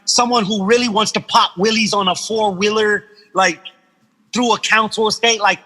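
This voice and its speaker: A man from Guam, a podcast guest, telling animated stories in casual chat, swearing freely and acting out the voices of people he quotes. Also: high voice, moderate pace, big-room sound, rough recording.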